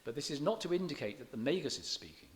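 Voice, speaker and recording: A man's voice: a little high, big pitch swings, fast talker, a little hiss or hum. A man lecturing on poetry to an audience, chatty and digressive, often stopping to correct himself. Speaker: visiting lecturer in English. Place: church hall.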